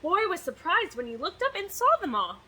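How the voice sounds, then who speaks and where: A woman reading a picture book aloud to children with expressive, sing-song storytelling. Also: very high-pitched, moderate pace, rough recording. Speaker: student success advisor reading to children.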